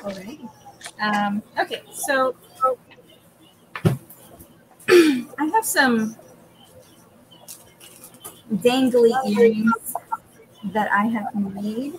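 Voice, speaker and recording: A woman co-hosting a live jewelry auction stream, presenting earrings she made in a casual, relaxed way. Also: a little high, very slow, long pauses, a little hiss or hum, rough recording.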